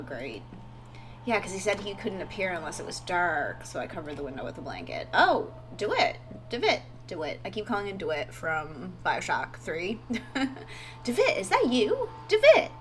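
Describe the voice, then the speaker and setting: A woman's voice: lowish voice, slight background noise. A young woman giving playful, exclamatory commentary while playing a game. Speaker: let's play host. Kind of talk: casual gameplay commentary. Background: game music.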